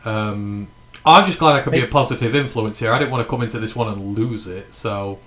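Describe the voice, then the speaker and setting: Male co-host, bright and forceful voice, teasing banter, casual live chat. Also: lowish voice, fairly quick. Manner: joking, reads viewer comments aloud. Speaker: podcast co-host.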